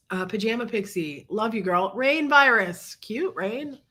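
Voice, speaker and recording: A sick, congested woman hosting a casual livestream, chatting and greeting viewers by name between coughs. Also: pushed and bright. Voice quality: low husky sick voice. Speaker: livestream host.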